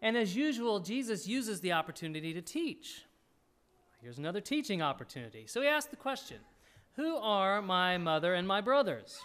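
Preaching at normal speed, a male pastor teaches in a high, lively voice that rises and falls. He reads scripture aloud, pausing now and then to clear his throat, and his delivery is expressive and earnest.

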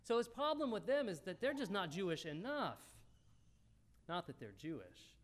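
A man's voice: high-pitched, sing-song, moderate pace. A man preaching a sermon in a folksy, conversational teaching style, talking directly to the congregation. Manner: folksy, talks straight to the congregation.

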